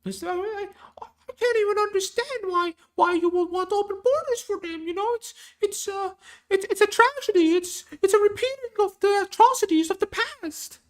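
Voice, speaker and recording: A shrill, squeaky pundit parody. The voice is preachy and overblown, pitched far above a normal speaking voice and delivered with mocking exaggeration. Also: male voice, moderate pace. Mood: mock-indignant. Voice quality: squeaky falsetto. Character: shrill mock impression of a pundit.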